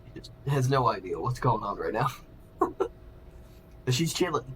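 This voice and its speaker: A man's voice: medium pitch, sing-song, moderate pace, roomy sound, slight background noise. A man live-streaming from home, chatting in a rambling, casual way with lots of restarts. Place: home room.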